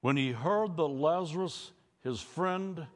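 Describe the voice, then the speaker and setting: High-voiced pastor preaching a sermon. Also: male voice, slow. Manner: preaching with call-and-response to congregation. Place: church.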